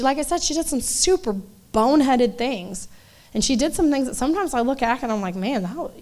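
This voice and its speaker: A woman in her forties giving a conversational sermon to a church group, animated and acting out voices in asides. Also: fairly high pitch. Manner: animated, acts out quoted voices, loose asides. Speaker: church speaker.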